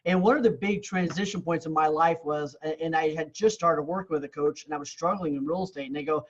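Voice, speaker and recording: Fairly high-pitched and fast, this man talks with few pauses, and the audio is dull. As a guest on a podcast, the Canadian-raised real estate coach shares his story openly and sincerely, frequently restarting and repeating words.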